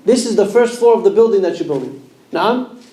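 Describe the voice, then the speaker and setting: A man's voice: high voice, animated, fairly quick, a crowd in the background. A man teaching Quran pronunciation in a mosque class, sounding out letters and quizzing his students with questions. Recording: echoey room.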